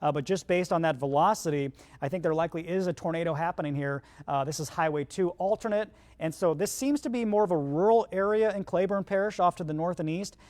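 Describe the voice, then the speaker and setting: A chief meteorologist with hiccups is covering a storm live, talking viewers through the radar in a conversational yet urgent way. His voice sits high and has a darkish tone, and he speaks fast with few pauses.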